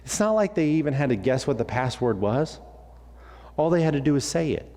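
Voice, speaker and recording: A man preaching a sermon as pastor. He talks in an animated way, acts out bits of dialogue and throws in jokey asides. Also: a little high, brisk, long reverb tail. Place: church sanctuary.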